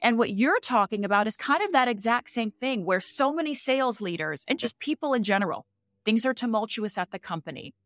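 A woman's voice: fairly high pitch, lively intonation, brisk, a bit bright, no echo. Earnest woman host, dry close sound. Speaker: podcast host. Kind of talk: podcast conversation.

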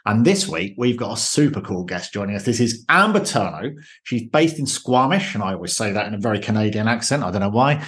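A man's voice: lowish voice, expressive, fast talker, a bit bright. A man hosting a podcast, chatting with a guest in a friendly, casual way. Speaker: podcast host. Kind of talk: casual interview chat.

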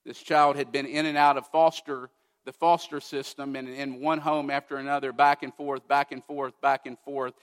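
A man preaching a sermon, emphatic, asking rhetorical questions and swinging from loud to hushed. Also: medium pitch, level tone, moderate pace, clear, resonant tone, big-room sound. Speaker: pastor.

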